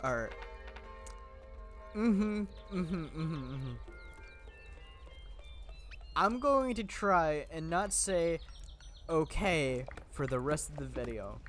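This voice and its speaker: A man's voice: a little high, lively intonation, a little slow, a bit bright, soft background music. A young man hosting a gameplay video, rambling and mocking himself with lots of fillers. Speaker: gaming video host. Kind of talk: casual gameplay commentary.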